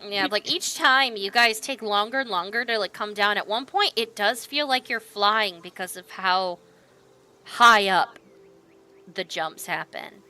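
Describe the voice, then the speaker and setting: Bright-voiced woman game master. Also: medium pitch, unhurried, low-quality recording. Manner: animated, lots of fillers and laughter. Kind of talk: narrating a tabletop game.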